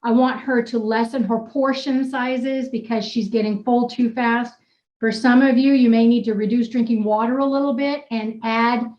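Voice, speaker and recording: A woman's voice: a little high, mellow, echoey room, dull audio. A woman wellness coach leading a group video call in an upbeat, teasing, blunt manner. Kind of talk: casual coaching chat.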